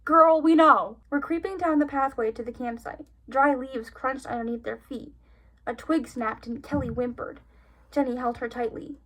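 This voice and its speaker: Running commentary interrupts this reading of a young woman's old childhood stories, full of sarcasm, giggles, and disbelief. She has a high, fairly bright voice and keeps a moderate pace.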